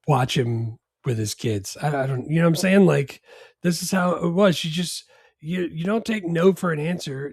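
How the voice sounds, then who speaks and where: A man's voice: on the high side, darkish tone, no room sound. A man co-hosting a casual movie podcast, laid-back and hesitant with many ums and wry jokes. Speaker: podcast co-host.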